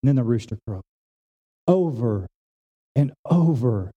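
Dark-voiced preacher, swinging high to hushed. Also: male voice, expressive, a little slow, slightly rough, lo-fi sound. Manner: swings between raised emphatic lines and low hushed ones; plain, conversational preaching with everyday examples. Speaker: pastor. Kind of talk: sermon. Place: church service.

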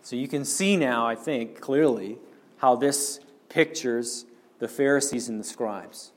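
A man's voice: medium pitch, unhurried. A man preaching a sermon, earnestly explaining and speaking directly to the congregation.

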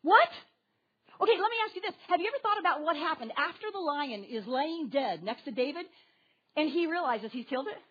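With a high voice and a fast delivery, a woman preaches animatedly to a congregation that includes children, putting questions straight to her listeners. The recording's high frequencies are cut off.

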